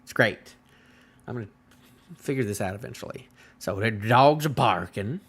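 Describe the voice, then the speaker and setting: A man's voice: on the low side, normal speed, pauses often, husky. A man rambling through a casual live-stream reaction to a manga chapter and talking to his chat. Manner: animated, rambling, talks to chat.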